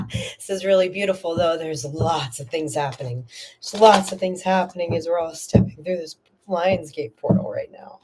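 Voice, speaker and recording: A woman's voice: lowish voice, normal speed, noisy background. A woman hosting a live tarot reading, talking earnestly and emotionally to a viewer in a soothing, reassuring way. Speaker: tarot reader and host.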